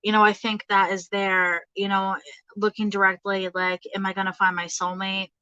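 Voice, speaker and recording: A woman's voice: mid-range voice, level tone, normal speed, bright, forceful tone, clean tone, no room sound, dull audio. A woman giving a casual tarot reading, chatty, with many fillers and frequent laughter. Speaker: tarot reader.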